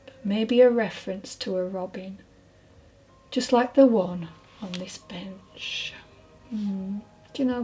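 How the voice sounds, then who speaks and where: A woman giving a channelled mediumship reading, hesitant and apologetic, often dropping into soft whispered asides. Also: medium pitch, poor audio. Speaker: spiritual medium.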